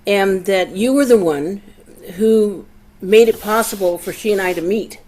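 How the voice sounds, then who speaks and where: Older audience member, mid-pitched, rambling casual testimony. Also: measured pace, darkish tone, poor audio. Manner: rambling, trailing off with fillers. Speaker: audience member sharing a story.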